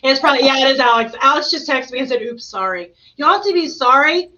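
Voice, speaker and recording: A woman host in casual podcast chat, animated, laughing often and acting out what others said. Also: high-pitched, fast talker, lo-fi sound, a crowd in the background.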